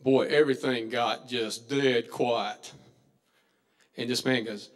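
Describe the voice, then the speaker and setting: A man's voice: medium pitch, steady tone, slow, long pauses. A man doing stand-up, telling folksy stories on stage and acting out the people in them. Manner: folksy drawl, acts out characters in his jokes. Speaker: stand-up comedian. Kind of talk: stand-up storytelling. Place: stage before a live audience.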